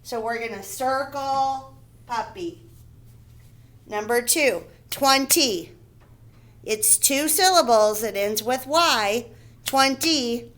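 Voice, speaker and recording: A woman teaching a phonics lesson to first graders, slowly sounding out and repeating words. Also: a little high, a bit bright, rough recording. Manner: slow, deliberate, repeats words and sounds them out. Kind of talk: phonics lesson for young children.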